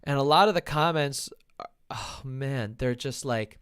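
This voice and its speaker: A man's voice: mid-range voice, a little slow, a bit bright, smooth. A man hosting a podcast as a relationship coach, ranting with heavy swearing and mocking impressions in casual chat.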